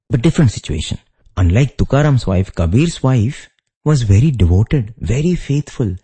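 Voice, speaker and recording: A man's voice: lowish voice, warm tone, slightly rough. A man giving a devotional talk, retelling stories of saints and acting out their lines. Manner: storytelling, acts out quoted lines. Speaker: spiritual speaker.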